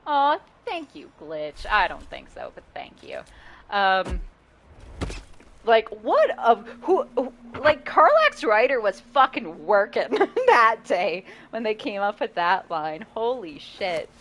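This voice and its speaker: A woman's voice: medium pitch, sing-song, slow pace, fairly bright tone, a little hiss or hum. A woman game streamer chatting casually and rambling, laughing often and swearing freely. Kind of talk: casual live-stream chat.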